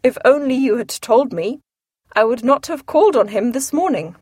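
A woman reading aloud, giving the lines of a dry, sarcastic older gentleman in a wry, understated tone. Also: high-pitched, lively intonation, normal speed, dry recording.

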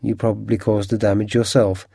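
A man reading aloud and voicing a cool, stern male detective who speaks in a measured way. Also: on the low side, little pitch movement, vocal fry, mellow, slightly rough, dry recording, studio quality.

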